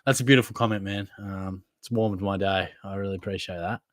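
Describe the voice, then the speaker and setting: A man's voice: low-pitched, fairly even intonation, a little fast, no room sound, studio quality. A young Australian man hosting a casual live Q&A, reading viewer comments in a laid-back, matey way. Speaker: fantasy football livestream host.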